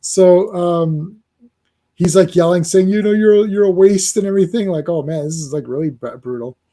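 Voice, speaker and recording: A man with a fairly high but mellow voice, hosting a loose, casual conversation. He talks animatedly, leans on fillers, and keeps slipping into little acted-out bits of the characters. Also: normal speed. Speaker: host. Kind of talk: casual chat.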